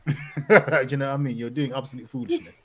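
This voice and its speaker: A young man rants loosely about football on a podcast, full of slang and quick laughs. His voice sits at an ordinary middle pitch, and he keeps the talk casual and animated throughout. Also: a crowd in the background. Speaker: podcast co-host.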